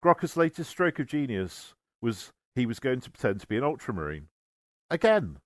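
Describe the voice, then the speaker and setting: A man narrates a comic tale in a wry, deadpan tone at a middling pitch. The recording is dry and close, with no room sound. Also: a little fast, dry recording. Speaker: storyteller. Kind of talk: humorous scripted narration.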